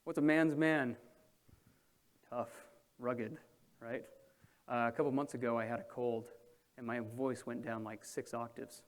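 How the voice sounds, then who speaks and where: A man's voice: medium pitch, fairly even intonation, unhurried, long pauses. A man moderating a panel and addressing an audience in a room, talking in a conversational way that keeps checking in with the listeners. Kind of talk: presentation to an audience.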